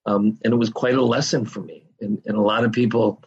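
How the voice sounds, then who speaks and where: Gravelly low-voiced man telling stories. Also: level tone, fairly quick, darkish tone, dull audio. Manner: candid, swears freely. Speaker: podcast guest. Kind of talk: casual storytelling.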